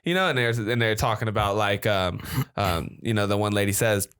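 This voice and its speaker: Male podcast host, bright tone, loose rambling delivery with laughs. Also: on the low side, a little fast, smooth. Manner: rambling, laughs while retelling stories. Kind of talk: casual podcast chat.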